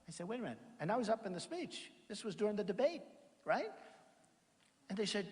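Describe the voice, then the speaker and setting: A man's voice: sits high, big pitch swings, quick pace, breathy edge. A man giving a campaign rally speech in a large packed auditorium, rambling and repetitive, reading out quotes and then riffing on them. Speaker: campaign speaker. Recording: long reverb of a big hall. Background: crowd in a large hall.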